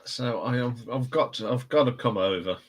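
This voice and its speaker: A man's voice: mid-range voice, moderate pace. A man with a Northampton accent, hosting a casual live stream chat and rambling with frequent laughs. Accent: Northampton English. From England. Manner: chatty, rambling, laughs often.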